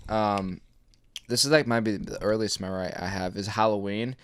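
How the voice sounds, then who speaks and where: A man's voice: lowish voice, steady tone, normal speed, clear, resonant tone, no echo. A young man co-hosting a casual podcast, telling childhood stories and laughing through them. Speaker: podcast co-host. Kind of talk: casual chat.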